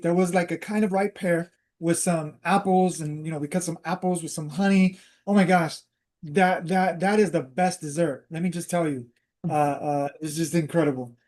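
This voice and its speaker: With a slightly high, somewhat mellow voice, a male host casually shares a personal story that drifts into spiritual teaching. He fills his talk with fillers and frequent restarts.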